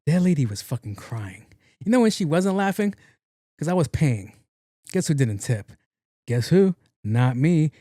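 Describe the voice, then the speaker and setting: A young adult man hosting a podcast, telling a comic story in a loose, profane and animated way, often laughing along with himself. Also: a little high, measured pace, no echo, clean studio sound. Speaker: podcast host. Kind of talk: casual comedic storytelling monologue.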